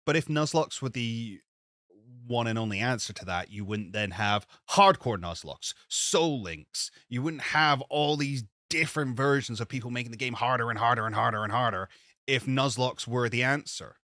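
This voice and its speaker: A man co-hosting a podcast, arguing his point in a casual debate with animated emphasis. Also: no echo, studio quality. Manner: animated, emphatic, argues with rising pitch. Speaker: podcast co-host.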